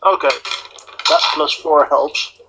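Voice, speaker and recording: A man's voice: a little high, very animated, slow pace, gravelly, noisy background. A man playing a tabletop game, talking casually about his rolls. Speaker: player.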